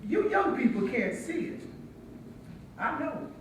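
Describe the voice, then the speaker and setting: A woman performs a stage monologue as an older woman who wistfully tells young listeners about a once-lively dance hall. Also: sits high, takes it slowly, background noise, full character voice. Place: theatre stage. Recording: echoey hall from far off.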